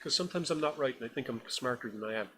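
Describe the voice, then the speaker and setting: A man co-hosts a horror film podcast, reviewing a new film in a casual, enthusiastic, rambling chat. His voice is medium-pitched, rapid-fire and a bit bright, with slight background noise.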